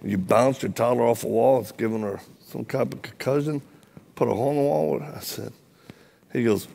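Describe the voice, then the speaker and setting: A man's voice: medium pitch, moderate pace, vocal fry. A middle-aged man preaching in a church, telling funny stories and acting out the other people's lines. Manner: animated, joking storyteller acting out dialogue. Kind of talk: sermon with comic storytelling.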